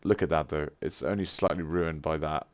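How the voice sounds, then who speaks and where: A man's voice: extremely low pitch, fairly even intonation, normal speed. A man chatting casually on a live stream, effusive and playfully teasing. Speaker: livestreamer.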